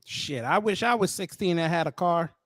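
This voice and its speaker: A man's voice: on the high side, normal speed, fairly bright tone, no room sound, studio quality. Blunt, mocking male commentary host. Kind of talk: casual commentary.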